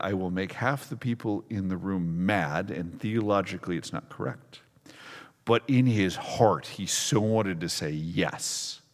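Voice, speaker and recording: A pastor in his forties preaching a sermon, telling stories with self-mocking humor and acting out the people in them. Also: fairly low pitch. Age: 40s. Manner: lively storytelling, acts out quotes, self-mocking humor. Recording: long reverb of a large hall.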